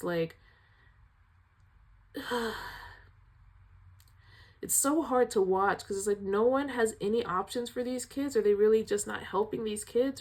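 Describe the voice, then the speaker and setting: Female film reviewer, casual and animated, emotional with frequent sighs. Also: medium pitch. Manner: emotional, sighing, animated retelling.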